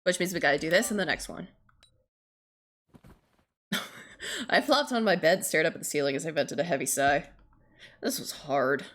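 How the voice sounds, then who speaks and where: A woman's voice: sits low, moderate pace, pauses often, fairly bright tone. A woman streaming a game, reading its narration aloud and chatting playfully with laughter.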